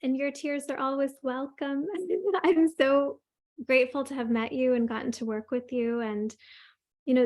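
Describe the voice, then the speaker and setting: A woman's voice: a little high, a little mellow. A woman host and coach speaking earnestly and encouragingly in a flowing interview style. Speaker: host, somatic experiencing coach. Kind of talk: warm interview talk.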